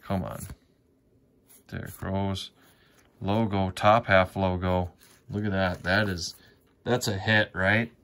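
His deep, slightly bright voice moves slowly, with fairly even intonation and frequent pauses. He's a guy opening sticker packs for a casual vlog, swearing often, moaning about poor pulls, and addressing viewers over crinkling wrappers and faint clicks.

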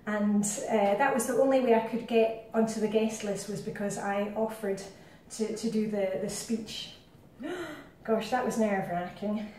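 A woman's voice: mid-range voice, fairly even intonation, moderate pace, hardly any pauses, mellow, a little hiss or hum. A middle-aged woman with a Scottish accent, chatting her way through a home cooking demonstration with rambling asides. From Scotland. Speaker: cooking vlogger. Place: home kitchen. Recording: very echoey kitchen, distant mic.

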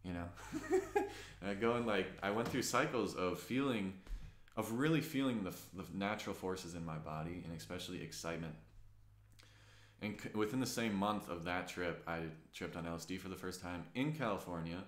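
Man, twenties, very deep voice, roomy echoey sound, meandering, earnest, reflective, casual swearing. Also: moderate pace. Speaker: vlogger. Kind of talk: rambling personal storytelling. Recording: roomy echo.

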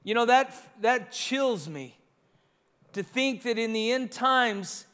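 Preaching slowly and expressively, the pastor has a very high-pitched, fairly bright voice. His sermon is earnest and repetitive in phrasing, recorded in a church sanctuary with a large hall's long reverb.

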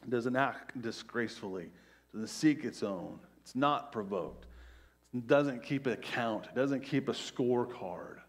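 A middle-aged male pastor preaching a conversational sermon, peppered with "right?" asides and dropping to a soft hush on key phrases. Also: medium pitch, expressive, a little slow, slightly rough. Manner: drops to quiet, soft emphasis on key phrases.

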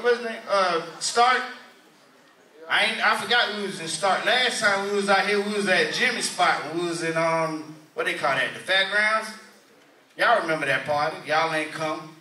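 A male stand-up comedian doing loud, profane crowd work in a church hall venue. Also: high-pitched. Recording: echoey hall, mic from far.

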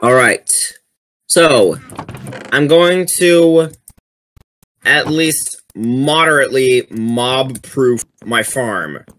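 Slow, bright-voiced joking male gamer. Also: mid-range voice, animated, a little hiss or hum. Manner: joking, playful quips. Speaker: co-player. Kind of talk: casual gameplay chat.

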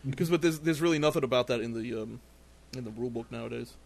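A man running a tabletop game, narrating in a halting way with many uhs. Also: medium pitch, creaky, no echo. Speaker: game master.

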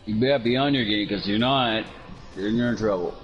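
A man's voice: on the low side, fairly quick. A man giving playful commentary while playing a video game, teasing and joking with his brother. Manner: teasing, jokey banter aimed at his brother. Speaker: gaming commentator. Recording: dull lo-fi sound with music behind.

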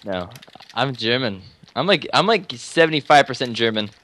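A man's voice: mid-range voice, lively intonation, moderate pace, pushed and bright. A man chatting casually and joking with friends while playing an online game. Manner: laughing, joking banter. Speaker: gamer. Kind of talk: casual gaming chat.

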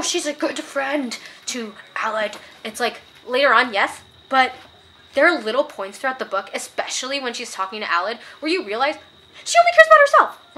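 A young woman gives a casual, chatty book review in a bright, clear voice on the high side. She's opinionated and gets worked up reading quoted passages aloud, with slight background noise present.

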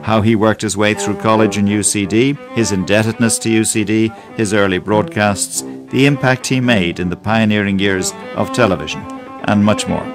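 Low-voiced male radio presenter. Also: steady tone, music in the background. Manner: measured, introduces clips. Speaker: documentary presenter. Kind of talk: scripted radio narration.

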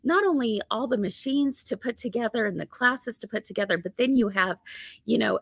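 A woman hosting a live sewing tutorial, bubbly and chatty and laughing often, her voice slightly hoarse. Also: medium pitch, a bit bright, dry recording. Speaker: quilt shop host.

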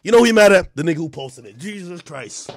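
Man, high voice, very lively pitch, reaction commentary, shouting then muttering, dry close mic. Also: fast talker, no echo. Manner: loud, laughing, swings from shouts to mutters. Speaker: hip hop commentary streamer.

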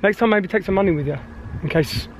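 A man's voice: high voice, fast talker, noisy background. A man chatting casually for a family vlog outdoors in the snow, teasing and laughing often. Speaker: vlogger.

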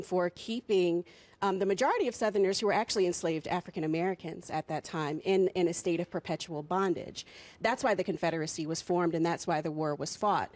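A woman's voice: on the low side, a little mellow, no room sound. A woman speaking as a panel guest on a TV discussion, making impassioned, articulate arguments point by point. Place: TV studio.

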